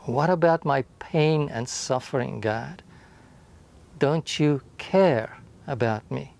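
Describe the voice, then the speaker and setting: Male pastor, slow and measured, mid-pitched, for a short sermon with emphatic beats. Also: creaky. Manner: deliberate, emphatic delivery that drops to a quiet close.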